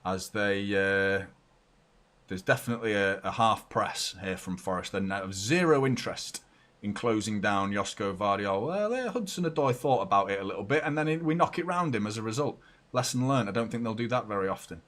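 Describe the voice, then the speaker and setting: A young man hosting a live football watchalong from home, chatty and excitable, moving between loud cheers and quiet muttering. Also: on the low side, moderate pace. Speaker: football fan channel host. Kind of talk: live match watchalong commentary. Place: home room with door open and a fan.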